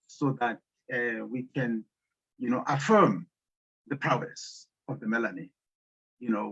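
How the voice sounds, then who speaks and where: A man giving a storytelling lecture on African philosophy, speaking haltingly with many fillers and pauses. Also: a little high. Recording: muffled lo-fi audio.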